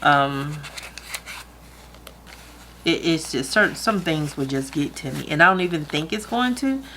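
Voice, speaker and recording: Casting: chatty woman vlogger, low voice, emotional edge, faint room hum. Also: expressive, unhurried, fairly bright tone. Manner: chatty, laughs easily, talks through her math aloud. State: emotional, close to tears. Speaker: budgeting vlogger. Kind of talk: casual talk to camera.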